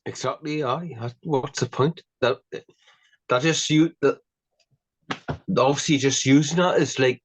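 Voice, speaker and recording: A man's voice: mid-range voice, steady tone, a little slow, long pauses, no room sound. A man with a Geordie accent co-hosting a podcast, in laid-back, joking casual chat. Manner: laid-back, laughing, swears. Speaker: podcast co-host.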